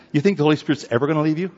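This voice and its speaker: A man's voice: fairly high pitch, racing. Man preaching with an easy, teasing manner. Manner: lively and conversational, teasing the congregation. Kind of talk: sermon. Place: church. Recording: echoey hall, dull sound.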